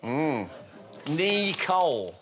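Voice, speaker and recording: A man hosting a comedy panel, his voice pitched high and swinging widely as he spins joking anecdotes. He talks slowly and deliberately. Clear studio audience noise sits behind him. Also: very animated, a bit bright. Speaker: host. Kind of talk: comic panel-show chat.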